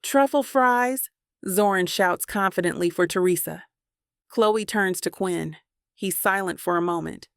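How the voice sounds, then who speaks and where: A woman narrating a first-person romance audiobook in an intimate, steady way into a close mic. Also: on the low side, vocal fry, no echo.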